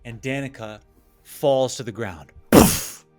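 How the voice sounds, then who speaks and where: Slow-narrating male game master. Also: medium pitch, a little mellow, faint music behind.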